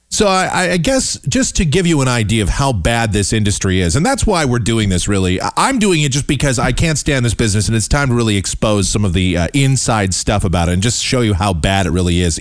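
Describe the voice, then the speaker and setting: A low-pitched American man hosting his own show, ranting with scorn. His pitch swings widely as he mocks what he hears. The sound is dry and close, with no room around him. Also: no echo. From United States. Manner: scornful, animated, mocks voices he dislikes. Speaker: podcast host and broadcaster. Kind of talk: ranting commentary.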